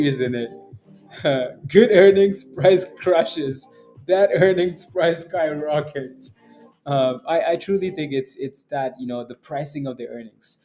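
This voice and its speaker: A man's voice: a little high, a little mellow. A man hosting a live day trading stream, chatting casually about charts, often laughing and answering chat with lots of fillers and "right?". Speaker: day trading livestream host. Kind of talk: casual live market commentary.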